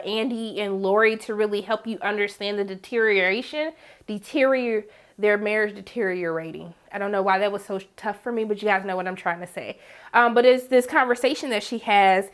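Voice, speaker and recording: A woman hosting a casual TV episode recap, talking straight to viewers in an animated, slangy, dramatic way. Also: mid-range voice, normal speed, smooth. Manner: animated, dramatic, acts out characters in quotes; slangy, emphatic, talks to viewers. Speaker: TV recap host.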